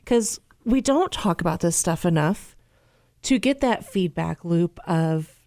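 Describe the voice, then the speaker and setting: A woman's voice: fairly low pitch, expressive, unhurried, a little mellow, no echo, clean studio sound. A pregnant young woman hosting a casual interview, speaking candidly about her own experience. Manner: frequent agreeing backchannels, candid and personal. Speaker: podcast host.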